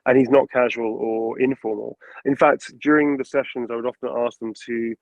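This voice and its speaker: A man talking animatedly in an interview about building characters, his pitch sitting in a middle range. The recording is dry and slightly dull, with almost no room around it. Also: normal speed, no echo. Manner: animated, acts out quotes and voices. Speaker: voice actor guest. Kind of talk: interview answers about acting craft.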